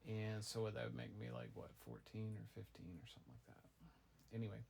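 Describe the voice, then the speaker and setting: A middle-aged man, a father improvising a goofy tall tale for his child, rambling with deadpan asides. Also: lowish voice, fairly quick, creaky, breathy edge. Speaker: father telling a bedtime-style story.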